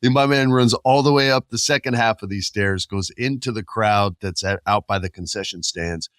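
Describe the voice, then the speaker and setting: Brief: male podcast host, lowish voice, animated storyteller, dry close mic. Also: normal speed, clear, resonant tone, dry recording. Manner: animated storyteller, acts out quotes and sound effects. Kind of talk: casual podcast chat.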